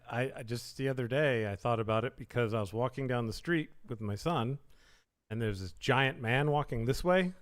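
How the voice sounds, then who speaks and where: A man hosting a podcast, telling stories in an animated, self-mocking way. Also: mid-range voice. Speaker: podcast host. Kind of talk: casual conversational chat.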